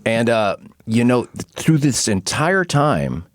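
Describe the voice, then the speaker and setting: Animated storytelling male podcast host. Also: mid-range voice, slow, no room sound, studio quality. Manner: animated storyteller, acts out quotes, laughs often. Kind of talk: casual podcast chat.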